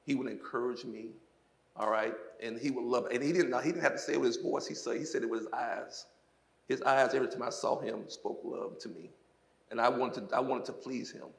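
Gravelly, lively former athlete telling stories. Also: male voice, medium pitch, a little fast. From South Mississippi. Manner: animated storyteller, laughs often. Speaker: former football player, guest. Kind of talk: onstage interview testimony. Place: church stage. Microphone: handheld microphone.

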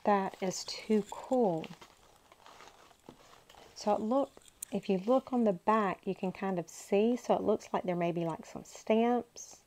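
Slow-talking gushing woman. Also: medium pitch, warm tone, poor audio. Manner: gushing, talks to herself while handling paper. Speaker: crafting channel host. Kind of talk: casual unboxing chat.

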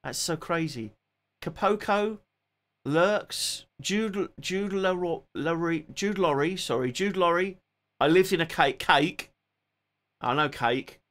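Bright-voiced Cockney man chatting on stream. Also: on the high side, takes it slowly. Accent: Cockney English. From England. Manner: chatty, rambling, greets and thanks viewers by name. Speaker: music streamer. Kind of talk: casual live-stream chat. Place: home, sitting down.

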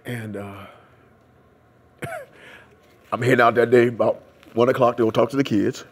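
Husky man telling his story. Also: mid-range voice, steady tone, moderate pace. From United States. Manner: storytelling, acts out dialogue and prayers. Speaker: interviewee. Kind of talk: oral history interview. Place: seminary room.

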